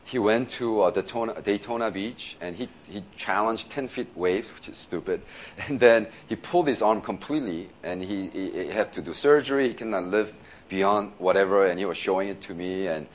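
A man's voice: on the low side, normal speed, a little hiss or hum. Laughing male pastor telling a story. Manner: casual, laughing often, many restarts and "you know". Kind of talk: sermon storytelling.

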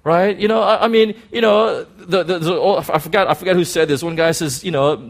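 A man preaching a sermon, telling a personal story in an excited, animated way with many restarts. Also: high-pitched, brisk.

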